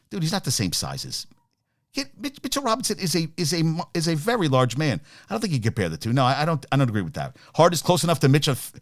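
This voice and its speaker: A man's voice: fairly high pitch, dry recording, clean studio sound. A man hosting a casual sports talk stream, rambling and joking, swearing freely as he reads and answers viewer comments.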